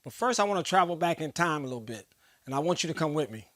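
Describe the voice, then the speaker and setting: A man's voice: fairly high pitch, expressive, fast talker, fairly bright tone, dry recording, clean studio sound. A man hosting his own show, speaking straight to the viewer in an impassioned monologue with emphatic, preacher-like repetition. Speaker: host.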